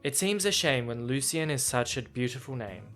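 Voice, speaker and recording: Man reading as a polite refined young man, soft-spoken, bright voice, storybook reading. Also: mid-range voice, expressive, normal speed, faint music behind, lightly acted. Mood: gentle.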